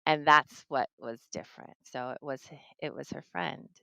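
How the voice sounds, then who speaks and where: Low-voiced middle-aged woman telling a ghost story. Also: fairly even intonation, moderate pace, vocal fry, bright, forceful tone, clean tone, no room sound, poor audio. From New Jersey. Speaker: guest tarot reader. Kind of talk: casual storytelling chat.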